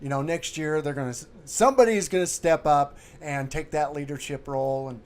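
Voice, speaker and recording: A middle-aged man co-hosting a casual chat show, rambling and getting excited. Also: a little high, brisk, clean tone. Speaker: podcast co-host, clown.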